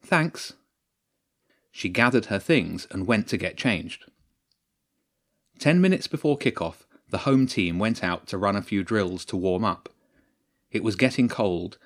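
A man narrates a story in a low, steady voice. His reading is measured and even, in the manner of an audiobook.

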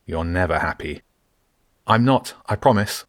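A man's voice: deep voice, animated, a little slow, no echo, clean studio sound. A man voicing a resourceful teenage boy who talks in an urgent, insistent way. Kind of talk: audiobook character voice.

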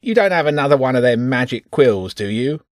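A man's voice: mid-range voice, animated, fairly quick, dry recording, clean studio sound, pitched above the performer's own voice, close to an everyday voice. A man voicing a whiny, complaining rat in an audiobook, with slangy speech. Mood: whining. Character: whiny streetwise male rat.

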